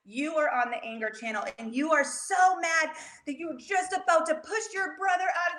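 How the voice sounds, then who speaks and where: Woman, kids' teacher, animated storytelling, fairly high voice, roomy echo. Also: moderate pace. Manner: animated, expressive, talks directly to children. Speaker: educator teaching children. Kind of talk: storytelling lesson for kids.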